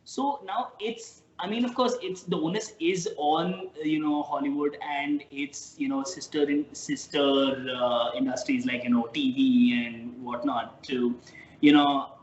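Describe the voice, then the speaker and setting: A man from India, a podcast guest, talking in a rambling, halting way with many restarts in casual chat. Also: on the high side, fairly even intonation, a little hiss or hum. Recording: dull, roomy podcast recording.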